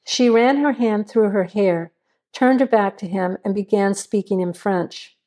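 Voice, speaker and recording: Woman, story narration, even measured reading, warm dark timbre. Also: medium pitch.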